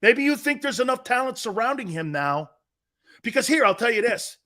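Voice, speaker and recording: A man hosting a sports talk stream, reading fan comments and trash-talking in loud, brash bursts. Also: very high voice, very animated, moderate pace. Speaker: sports talk show host.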